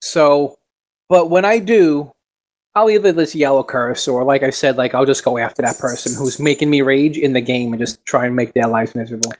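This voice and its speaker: A man's voice: mid-range voice, steady tone, moderate pace. A man on a casual podcast describing how he rages at games, chuckling as he acts out his own outbursts. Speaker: podcast co-host.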